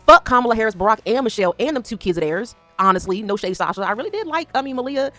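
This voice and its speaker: Lively fast-talking woman ranting. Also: fairly high pitch, soft background music. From Northeast United States. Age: 30s. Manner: animated, profane, swings between loud outbursts and quiet asides. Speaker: vlogger. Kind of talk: casual unscripted rant.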